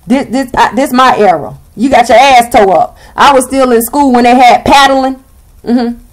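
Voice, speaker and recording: A woman's voice: on the high side, normal speed. A young woman with a Southern US accent giving a blunt, sassy tarot reading and swearing freely. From Southern United States. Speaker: tarot reader.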